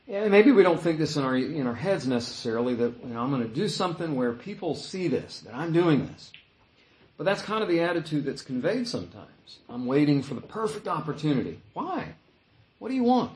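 A male pastor teaching a sermon in a casual, conversational way, thinking aloud with frequent fillers. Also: a little high. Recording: echoey room.

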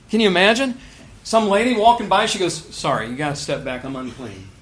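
High-voiced preacher with dramatic swings. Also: male voice. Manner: expressive, swings between loud emphasis and quiet asides; asks the listeners rhetorical questions. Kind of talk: sermon.

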